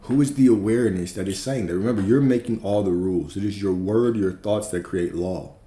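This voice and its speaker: A man's voice: on the low side, fairly quick, warm tone, reverberant. A man teaching on a livestream in an emphatic, preacherly manner, repeating key phrases and swearing casually. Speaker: spiritual teacher.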